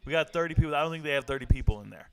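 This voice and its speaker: A man's voice: on the high side, rapid-fire, creaky, fairly bright tone, clear, resonant tone. A man hosting a casual livestream, chatting loosely, joking and answering viewers' comments. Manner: laid-back, joking, reads and answers chat. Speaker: livestream host.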